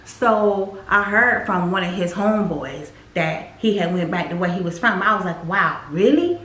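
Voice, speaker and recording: A woman's voice: on the low side, fairly even intonation, normal speed, a bit bright. Woman talking to her viewers about her faith journey, repeats stuff for emphasis, kinda echoey room. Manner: emphatic, repeats phrases for weight; speaks directly to viewers as "y'all". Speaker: faith vlogger sharing her testimony. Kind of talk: casual personal testimony.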